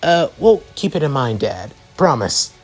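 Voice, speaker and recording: A man's voice: mid-range voice, big pitch swings, a little slow, breathy edge, soft background music. A man voicing a laid-back young man who teases in a dry, offhand way, reading a fan story aloud.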